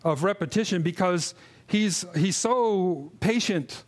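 High-voiced man preaching earnestly. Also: slow. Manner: earnest, repeats words, frequent restarts and fillers; drops low and quiet when mimicking grumbling. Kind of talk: expository sermon.

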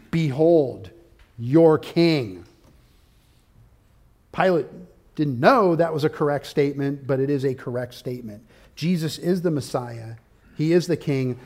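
A man preaching an expository sermon with a slightly higher voice than most men. He moves through his outline point by point. His delivery swells into forceful, emphatic peaks. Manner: emphatic, builds to loud peaks; outlined teaching with subpoints. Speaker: pastor.

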